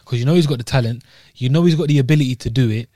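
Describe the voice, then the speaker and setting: A man, a voice of middle pitch, talks in a steady, measured way on a podcast, frustration in his casual slang. The sound is dry and close to the mic. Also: no echo. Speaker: podcast co-host. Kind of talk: casual chat.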